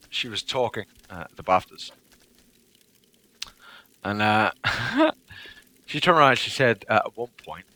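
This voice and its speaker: Bright-voiced swearing gamer man. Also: medium pitch. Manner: profane, rambling, chatty with viewers. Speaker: livestreaming gamer. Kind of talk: casual chat while playing a game.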